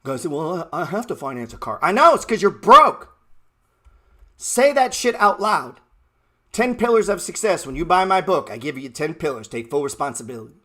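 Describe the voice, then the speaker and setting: A man's voice: a little high, very animated, moderate pace, fairly bright tone. A man in his thirties hosting a trading show, giving a blunt, mocking, profane motivational rant. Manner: blunt, brash and mocking, heavy swearing.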